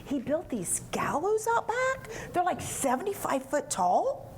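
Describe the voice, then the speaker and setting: A woman's voice: high-pitched, wildly swooping pitch, measured pace, a little hiss or hum, exaggerated voice. A woman voicing a king's servant, speaking in a chatty, offhand way. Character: gossipy king's servant, casual.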